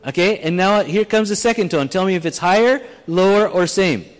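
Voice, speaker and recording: A man's voice: sits high, brisk. A man preaching a sermon to a live congregation, in a conversational, plain-spoken way with frequent restarts. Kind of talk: sermon with audience exercise. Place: church hall with audience. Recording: long hall reverb.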